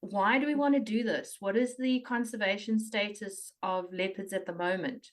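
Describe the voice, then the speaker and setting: A woman's voice: medium pitch, steady tone, moderate pace, distant mic. A woman hosting a podcast interview, reading an introduction and asking questions. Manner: reads intro, then asks questions. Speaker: podcast host.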